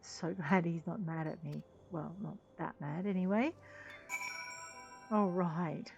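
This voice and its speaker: A woman chats hesitantly while she plays a game, her voice gravelly and her tone casual. The recording is slightly dull, with faint music playing behind. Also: on the low side, slow, pauses often, darkish tone. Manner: chatty, hesitant, with fillers. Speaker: game streamer. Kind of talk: casual gameplay commentary.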